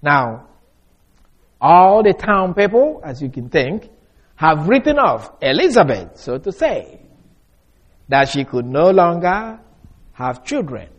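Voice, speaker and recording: A man teaching through a Bible passage verse by verse, leaning hard on key words and dropping to a quiet aside, often restarting his phrases. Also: a little high, very animated, slow pace, long pauses, dull audio. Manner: emphatic, stretches key words, swings from loud to soft. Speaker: preacher.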